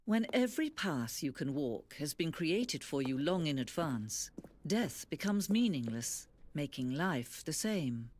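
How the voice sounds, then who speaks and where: An actor playing a calm, wry, all-knowing male narrator, voicing measured, dry narration for a game. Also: on the high side. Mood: musing.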